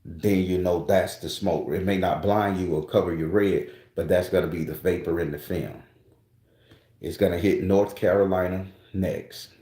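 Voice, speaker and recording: Deep-voiced man in an echoey room. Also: fairly even intonation, normal speed, warm tone. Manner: loose, rambling, profane, with restarts. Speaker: spiritual channel host. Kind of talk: casual monologue to viewers.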